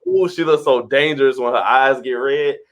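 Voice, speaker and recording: A man co-hosting a podcast, thinking aloud in a relaxed, casual chat. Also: medium pitch, moderate pace. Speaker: podcast co-host.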